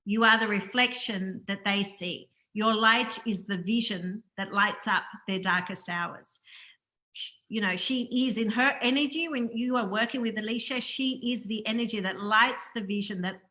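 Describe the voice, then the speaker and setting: A woman hosting a spiritual interview in an earnest, affirming way, often circling back to the same phrases. Her voice is bright and forward, at a middle pitch. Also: normal speed. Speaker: host. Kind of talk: spiritual interview, scripted intro.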